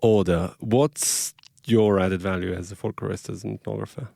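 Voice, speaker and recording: Podcast host, male journalist: low, dry sound, curious and lively. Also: moderate pace, creaky, dry recording. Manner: lively, wordy questioning. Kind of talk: podcast interview questions.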